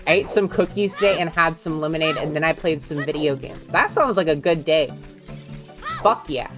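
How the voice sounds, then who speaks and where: A woman's voice: low-pitched, moderate pace, fairly bright tone, faint music behind. A woman casually chatting and swearing while streaming a video game, rambling with frequent laughs.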